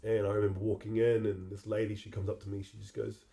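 A middle-aged man, hosting a podcast and telling a personal memory in a halting, reflective way that often repeats words. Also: lowish voice, level tone, creaky, dark tone. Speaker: podcast host.

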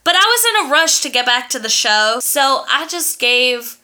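A young woman co-hosting a podcast, telling a story in a sassy, profane, animated way. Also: sits high, normal speed. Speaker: podcast co-host. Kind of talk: casual storytelling chat.

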